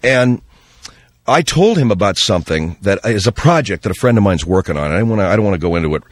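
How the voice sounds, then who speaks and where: A middle-aged man hosting a radio show, telling an animated story and slipping into voices when he quotes people. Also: deep voice, fast talker, no room sound, studio quality. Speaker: radio host. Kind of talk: storytelling monologue on talk radio.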